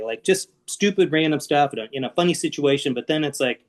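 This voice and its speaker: A man's voice: medium pitch, quick pace, few pauses. Frank, self-deprecating man. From Seattle area. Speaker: podcast guest. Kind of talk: candid conversational interview.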